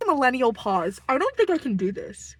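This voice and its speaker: A young woman talks to the camera from her car in a loose, rambling monologue. Her voice is a little husky and sits on the high side, and it swings up and down a lot as she jokes about herself. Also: sing-song, normal speed, a bit bright, low-quality recording. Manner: self-deprecating, chatty, rambling with giggles. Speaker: vlogger. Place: parked car.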